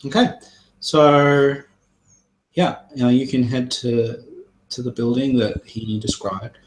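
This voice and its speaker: A man's voice: medium pitch, steady tone, slow pace, rough recording. A man running a tabletop game as game master, describing scenes loosely with many fillers.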